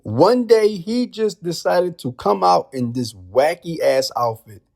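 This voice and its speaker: A man's voice: a little high, lively intonation, a little slow, vocal fry, a little mellow. A man giving casual ranting commentary as a wrestling vlogger, firing off incredulous rhetorical questions in loose slang.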